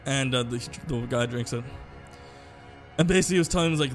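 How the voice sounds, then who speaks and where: A man's voice: mid-range voice, fast talker, long pauses, faint music behind. A young man co-hosting a podcast, telling a long story in casual chat, rambling with lots of fillers and swearing. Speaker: podcast co-host.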